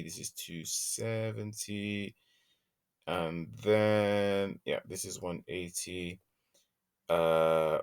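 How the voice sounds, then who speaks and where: A man works through a maths lesson in a low voice, talking slowly and deliberately. He thinks aloud as he goes and hums quietly to himself while sketching graphs. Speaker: maths teacher. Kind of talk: worked-example maths lesson.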